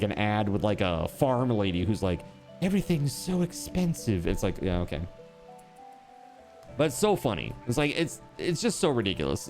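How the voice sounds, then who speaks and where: A man streaming a game, chatting casually and joking, swearing freely. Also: medium pitch. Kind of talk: casual chat while gaming.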